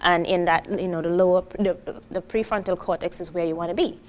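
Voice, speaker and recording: A woman from Trinidad giving a live motivational talk to an audience, animated, acting out quoted voices and asking the room questions. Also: on the low side, brisk, lo-fi sound. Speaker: motivational speaker.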